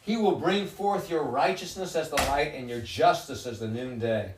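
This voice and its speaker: A man's voice: a little high, normal speed, recorded from a distance, background noise. Male Bible study leader, reads scripture and expounds; sits back from the mic in an echoey room. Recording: roomy sound from off-mic.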